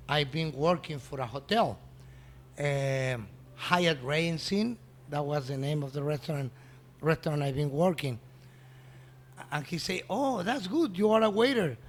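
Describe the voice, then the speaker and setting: Man, Spanish speaker, fairly high voice, halting English, storytelling guest, faint noise behind. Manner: halting, non-native English with frequent restarts, acts out the dialogue he quotes. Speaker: restaurant owner, interview guest. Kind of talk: anecdotal storytelling in an interview.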